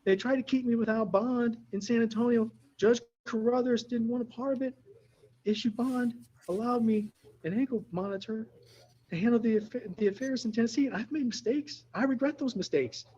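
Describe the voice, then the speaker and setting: Tearful man pleading in court, husky and high. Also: normal speed, darkish tone, lo-fi sound. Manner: emotional, rambling, repeats himself. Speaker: defendant representing himself in court. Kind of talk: pleading to a judge.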